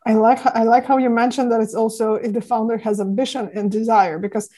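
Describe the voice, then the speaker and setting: A woman hosting a business podcast interview, chatty and animated, acting out the people she coaches. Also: fairly high pitch, a little fast. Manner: chatty, animated, acts out founders in quotes. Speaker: podcast host. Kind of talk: casual interview.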